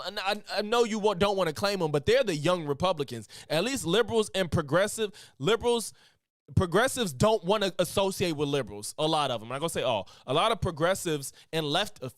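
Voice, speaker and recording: A man talking back at a clip in a lively, argumentative way, his pitch climbing high and swinging widely. The sound is close and dry, with no room around it. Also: no room sound. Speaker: streamer reacting to a clip. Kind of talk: reaction commentary.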